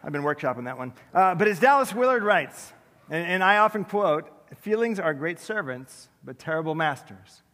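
A man preaching a sermon as pastor, conversational and self-deprecating, with quick humorous asides. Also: a little high, lively intonation, a bit bright, long reverb tail. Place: large church sanctuary.

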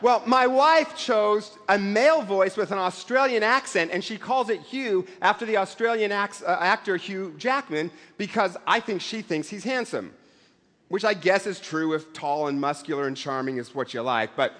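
Middle-aged male pastor, high voice, casual joking sermon, long hall echo. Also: normal speed, fairly bright tone. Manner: conversational, self-deprecating humor, acts out voices. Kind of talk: sermon with humorous asides.

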